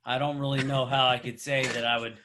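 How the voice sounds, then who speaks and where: A man's voice: mid-range voice, level tone, a little fast, pushed and bright, slight background noise. A man in casual podcast chat, reasoning aloud with hesitant restarts.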